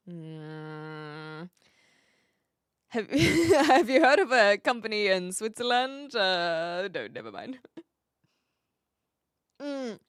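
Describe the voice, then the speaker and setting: A woman's voice: medium pitch, a bit bright, smooth, no echo, clean studio sound. A woman from New Zealand with a light accent, chatting casually with viewers on a live stream, laughing often and trailing off mid-sentence.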